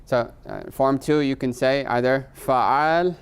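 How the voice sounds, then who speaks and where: A man's voice: medium pitch, moderate pace, clear, resonant tone. A middle-aged man teaching Arabic grammar in a live class. He explains patiently, moves between English and Arabic terms, and keeps checking in with "right?".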